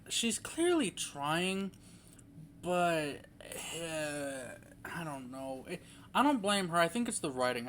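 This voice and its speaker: A man's voice: on the high side, fairly bright tone, a little hiss or hum. A young man giving a casual, rambling movie review, full of fillers and restarts.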